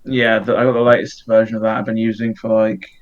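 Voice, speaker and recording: A man's voice: on the low side, monotone, fast talker, dull audio. A man who makes game videos, talking casually as a podcast guest, rambling and swearing a little. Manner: rambling, full of fillers and restarts, casual swearing.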